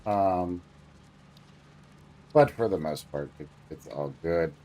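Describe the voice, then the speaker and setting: A man's voice: low voice, takes it slowly, warm tone. A man streaming a game, chatting casually in a rambling way, with lots of fillers and some swearing.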